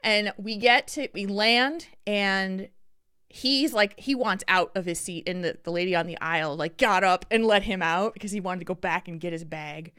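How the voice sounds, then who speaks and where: A woman podcast co-host telling a story in casual chat, animated and acting out the people in it. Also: mid-range voice, normal speed, clean tone, dry recording, studio quality.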